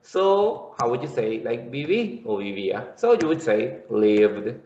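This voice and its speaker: Man teaching, slow, echoey room. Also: medium pitch, expressive, dark tone. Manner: explains slowly, repeats words, checks in with "okay". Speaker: English teacher. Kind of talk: classroom lesson. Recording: echoey room, dull lo-fi sound.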